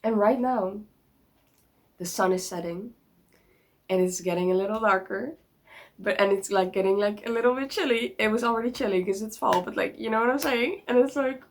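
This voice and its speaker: A woman's voice: mid-range voice, normal speed, slight background noise, low-quality recording. A young woman talking casually in a home vlog, bubbly and rambling, with lots of giggles and restarts. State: sick. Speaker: vlogger.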